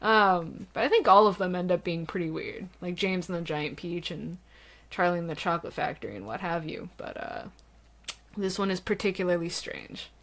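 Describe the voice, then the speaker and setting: Chatty animated woman discussing films. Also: lowish voice, normal speed, gravelly. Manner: animated, laughing, many fillers. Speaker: podcast co-host. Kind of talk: casual film discussion.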